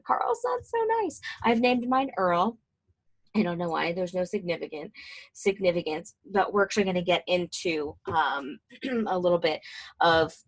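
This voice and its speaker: A woman's voice: medium pitch, gravelly. Twenty-something woman counselor giving a chill talk, lots of ums and likes, super informal. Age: 20s. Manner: chatty, informal, lots of fillers and asides. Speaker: mental health counselor. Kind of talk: casual presentation to professionals.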